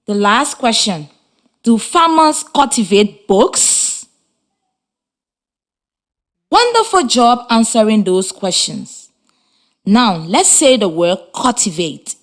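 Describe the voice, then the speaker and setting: Slow, lively-voiced woman radio teacher. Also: on the high side. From Liberia. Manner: slow, encouraging, clear instructions. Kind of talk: radio reading lesson for children.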